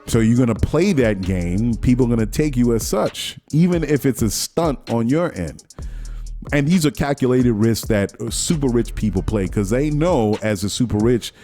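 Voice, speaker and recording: A man's voice: medium pitch, expressive, normal speed, mellow, faint music behind. A man hosting his own podcast, giving a rambling solo commentary with lots of restarts while sniffling from a cold. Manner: repetitive restarts, mocking quoted voices. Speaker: podcast host.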